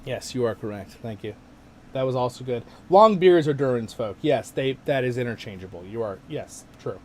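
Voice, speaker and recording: A man hosting a casual gaming livestream, rambling and excitable as he plays and answers chat. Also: mid-range voice, normal speed, slight background noise. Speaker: livestream host.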